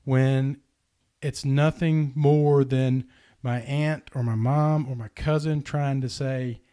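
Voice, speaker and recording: A man telling a heartfelt personal story in a casual podcast chat, earnest and animated. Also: mid-range voice, slow, clean tone. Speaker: podcast host.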